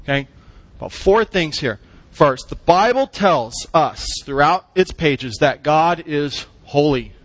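A man's voice: fairly high pitch, animated, slow, no room sound. A man preaching a sermon, emphatic, using short punchy phrases and asking the congregation questions. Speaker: pastor.

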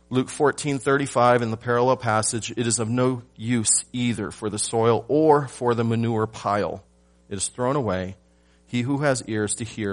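A man preaching a sermon to his church, asking rhetorical questions and swinging from loud emphasis to hushed lines. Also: mid-range voice. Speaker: pastor.

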